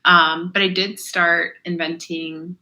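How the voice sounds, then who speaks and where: A woman's voice: fairly low pitch, flat delivery, takes it slowly, bright, forceful tone, rough recording. A woman co-hosting a podcast in casual chat, rambling with lots of fillers. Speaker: podcast co-host.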